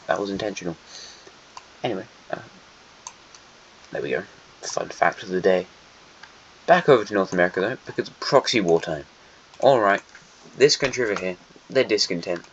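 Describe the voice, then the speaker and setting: A low-voiced man talks through a map in a loose, rambling way, correcting himself as he goes and tossing in wry asides. The sound is dull and lo-fi, missing its top end. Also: fairly bright tone, slight background noise. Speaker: host. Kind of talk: casual map commentary.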